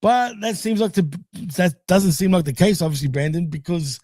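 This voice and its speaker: Male podcast co-host with a high voice and a dry close sound, loose, rambling wrestling chat. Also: expressive, moderate pace, darkish tone, dry recording. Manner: laughs often, loose and rambling. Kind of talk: casual wrestling recap chat.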